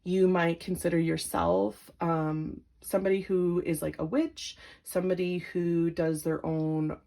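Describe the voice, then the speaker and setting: Woman, tarot reader, low voice, gravelly, mellow, gentle, filler-heavy. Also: little pitch movement, measured pace. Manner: gentle, emotional, many "like" fillers. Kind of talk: pick-a-card tarot reading.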